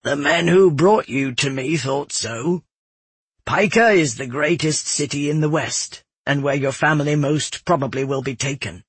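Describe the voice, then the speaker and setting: A man voicing a calm, wise old male roadmaster in an audiobook, speaking slowly and softly. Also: on the high side, slightly rough, no echo. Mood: persuasive. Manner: slow, soft-spoken. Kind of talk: audiobook narration.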